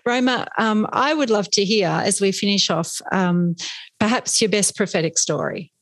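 A woman's voice: mid-range voice, moderate pace, no echo. A woman hosting a podcast interview, affirming and encouraging her guest. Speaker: podcast host.

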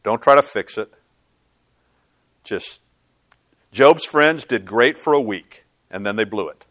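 A man's voice: lowish voice, lively intonation, slow, a bit bright, dry recording. A middle-aged male pastor giving a sermon, with conversational, self-deprecating storytelling and frequent restarts.

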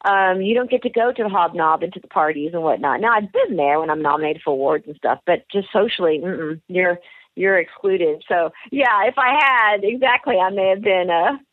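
Low-voiced woman on a phone-like line. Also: brisk, no room sound. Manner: rambling, with many restarts and fillers. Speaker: actress and author being interviewed. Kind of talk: candid radio interview answers. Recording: phone-like narrow band, dry.

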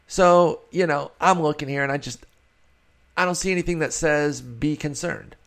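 A man's voice: fairly high pitch, moderate pace, fairly bright tone. A man hosting a solo fantasy baseball show, talking casually and rambling in a self-deprecating way. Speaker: fantasy baseball podcast host.

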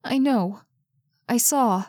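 A woman's voice: a little high, slow, dark tone, no room sound, studio quality, pitched above the performer's own voice. A woman reading aloud, voicing a frightened, tearful young woman who talks in a shaky, hesitant way. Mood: shaken.

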